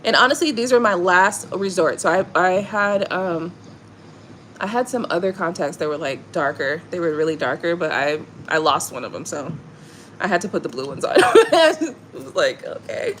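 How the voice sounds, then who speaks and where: Animated woman telling stories to her viewers. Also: fairly low pitch, normal speed, slight background noise. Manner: animated storytelling, swearing, frequent laughter. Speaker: tarot reader hosting a live stream. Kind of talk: casual chat with viewers.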